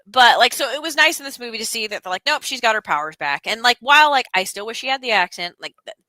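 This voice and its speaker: A young woman co-hosting a casual chat stream, talking in an animated, rambling way with lots of fillers and restarts. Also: on the high side, quick pace, no echo. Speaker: stream co-host.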